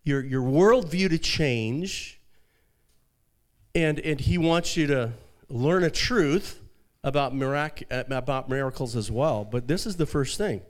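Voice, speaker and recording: A man preaching a sermon as pastor, telling a story softly and then rising into fervent, high-pitched preaching. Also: takes it slowly.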